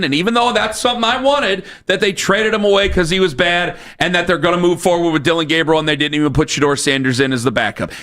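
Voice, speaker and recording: A man's voice: high-pitched, bright, forceful tone. A man hosting sports talk radio, ranting in a fired-up, repetitive, challenging way on a studio microphone.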